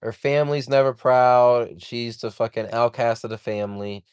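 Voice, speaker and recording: A man venting on his livestream, heated and profane, circling back over his complaints as he rambles on. His voice is smooth and resonant, and it sounds close and dry with no room around it. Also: mid-range voice, normal speed, darkish tone, dry recording. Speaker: livestream host.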